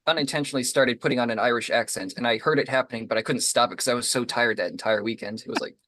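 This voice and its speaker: A man's voice: mid-range voice, racing, pushed and bright, slight background noise. A man on a comedy game show, telling stories about himself in a self-deprecating, apologetic way. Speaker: contestant. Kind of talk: casual chat.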